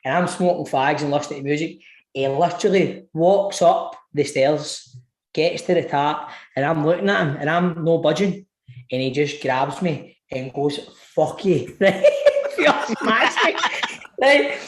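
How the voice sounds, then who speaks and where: A Scottish man in his thirties tells a sweary story on a podcast, laughing as he goes. His voice sits high, and the room around him rings with echo. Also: moderate pace. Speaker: podcast co-host. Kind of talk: casual storytelling chat.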